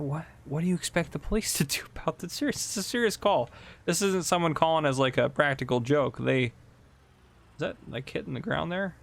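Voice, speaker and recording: A man's voice: mid-range voice, creaky. A man casually commentating a farming game and telling police stories, chatty and laughing often. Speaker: gameplay host and police officer.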